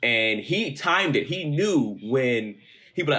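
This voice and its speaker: A young man with a mid-pitched voice tells work stories on a podcast. He talks in a laid-back, blunt way and swears freely. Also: lively intonation, slow pace, pushed and bright. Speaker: podcast co-host. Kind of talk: casual storytelling chat.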